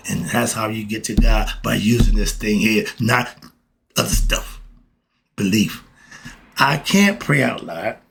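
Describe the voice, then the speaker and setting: Gravelly man musing on faith. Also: mid-range voice, a bit bright. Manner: preachy, repeats "why?" and "okay?", talks to listener directly. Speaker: podcast host. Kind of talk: casual spiritual monologue.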